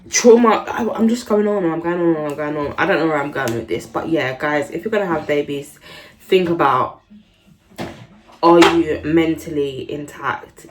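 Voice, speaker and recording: A young woman, talking openly in a confessional vlog, often dropping to a whisper and then rising loud and quick. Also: low-pitched, crowd noise. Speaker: vlogger.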